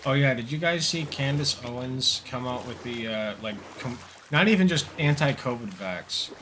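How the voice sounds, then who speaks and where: A man's voice: mid-range voice, expressive, normal speed, fairly bright tone, slight background noise. A young man streaming a game, riffing in rambling, profane jokes as casual commentary. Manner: rambling, profane, joking riffs. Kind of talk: casual livestream commentary while gaming.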